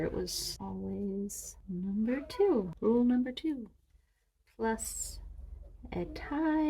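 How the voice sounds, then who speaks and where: A woman reviewing her own Greek lessons in a self-made tutorial, chatty and thinking aloud as she slowly sounds out words. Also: lowish voice, gravelly, darkish tone, a little hiss or hum, low-quality recording.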